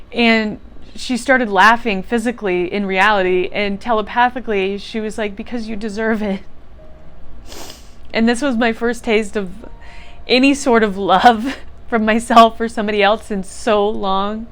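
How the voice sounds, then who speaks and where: A woman's voice: mid-range voice, fairly even intonation, unhurried, fairly bright tone, clean tone. Woman guest, heartfelt storytelling, voice moved and sincere. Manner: emotional, earnest, laughs through tears. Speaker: guest sharing a retreat testimonial. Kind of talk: personal storytelling.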